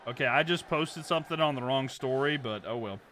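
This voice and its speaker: A man's voice: mid-range voice, fairly quick, slight background noise. A man live-streaming a football video game, calling plays like a commentator and venting his frustration between snaps. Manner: frustrated asides between excited play calls.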